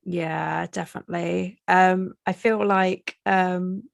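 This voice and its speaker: Creaky-voiced woman from Lincolnshire. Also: lowish voice, steady tone, takes it slowly, no room sound, clean studio sound. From Lincolnshire, England. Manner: hesitant, many fillers, laughs often. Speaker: guest film writer. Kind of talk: casual film discussion.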